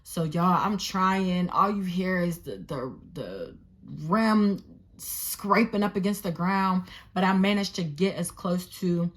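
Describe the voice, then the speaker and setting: Young woman vlogger, casual storytime, animated and swearing, openly exasperated. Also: lowish voice, takes it slowly.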